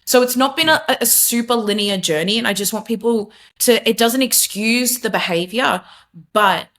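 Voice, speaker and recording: A woman's voice: on the high side, normal speed, a bit bright. Earnest young woman sharing testimony. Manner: earnest, emphatic, many fillers and restarts. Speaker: podcast guest. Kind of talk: candid testimony in conversation.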